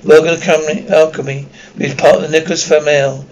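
A man's voice: fairly high pitch, little pitch movement, fast talker, low-quality recording. A man reading a children's novel aloud, stumbling and restarting words often. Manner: reads with frequent slips and restarts. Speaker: audiobook reader.

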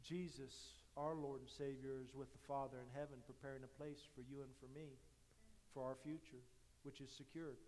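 A man preaching a sermon as pastor, rising to loud emphatic lines and dropping to quiet asides, often repeating words as he restarts a phrase. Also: medium pitch, steady tone, moderate pace.

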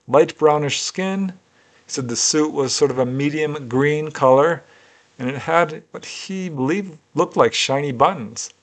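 A man with a somewhat high voice tells a case story in a measured, deliberate way. His narration is steady and careful, like a researcher laying out the events in order.

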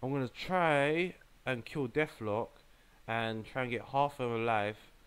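Speaking a little slowly with a medium pitch and a clean tone, a young gaming channel host comments on his mobile game play as it happens. He's casual, easily exasperated and excitable, with plenty of slang.

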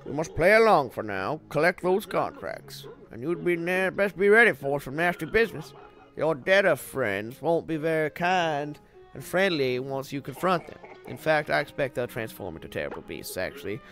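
A fussy, fatherly old kettle elder, as a man puts him on, rambling a little as he worries over two boys. The voice stays lively and a bit high for a man. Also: moderate pace, soft background music. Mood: fatherly worry.

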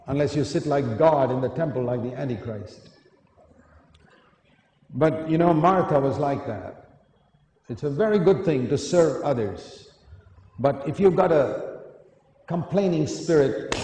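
A man's voice: on the high side, lively intonation, unhurried, long pauses, dark tone. A man preaching a sermon, earnest and emphatic, often asking his listeners questions. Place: large hall. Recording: echoey hall, faint noise.

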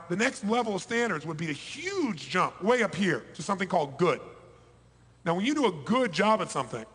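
A man delivers a motivational seminar speech, his voice sitting high for a man. He is emphatic, driving some points loud and dropping others to a hush. His voice rings with the long reverb of a large hall. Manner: emphatic, swings between loud bursts and hushed lows. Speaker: motivational speaker. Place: large hall before a live audience.

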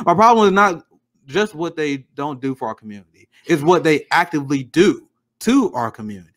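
A man's voice: on the high side, very animated, a little fast, fairly bright tone. A man hosting a political podcast, speaking in an impassioned way with many fillers. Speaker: podcast host. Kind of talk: political commentary chat.

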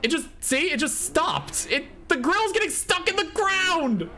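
A man streaming a game, swearing often, laughing and reacting loudly to what happens on screen. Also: very high voice, big pitch swings, measured pace, soft background music. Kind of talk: casual gameplay streaming.

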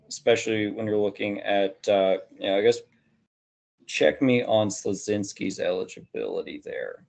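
Low-voiced man rambling on a podcast. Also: gravelly, a little mellow. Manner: rambling, hedging with many fillers. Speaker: podcast host. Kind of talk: casual sports podcast chat.

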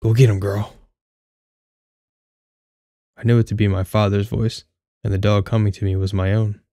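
A young man reads a first-person story with a wry, candid edge and the odd curse. His voice sits low and stays fairly flat, smooth and clear. The sound is dry and close, with no room to it. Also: quick pace, no echo. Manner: candid, wry, casually profane. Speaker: audiobook narrator.

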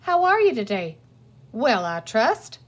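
A woman's voice: on the high side, sing-song, slow, heavily acted. A woman reading a storybook aloud and voicing a pompous male village chief with a grand, formal, commanding manner. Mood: courtly.

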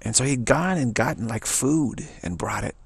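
A man from California casually telling a rambling personal story, full of repeats and fillers, acting out others' lines in a higher voice. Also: moderate pace, creaky, breathy edge, no room sound. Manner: digressive, repeats words, many "you know" and "like"; acts out other people's quoted voices in a higher pitch.

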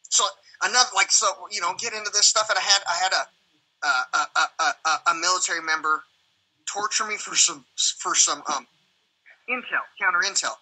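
A man with a high, very bright voice rambles through a casual livestream chat. He swears freely and jumps into quick acted-out exchanges, with a husky edge to his tone. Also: poor audio. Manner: profane, animated, acts out quoted exchanges. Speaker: livestream host.

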